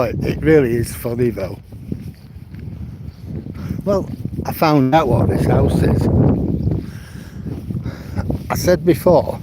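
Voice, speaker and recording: A man's voice: medium pitch, heavy background noise. A man, chatting casually on a live stream while walking outdoors along the coast. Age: 70s. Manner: unhurried rambling chat, answers viewers' comments.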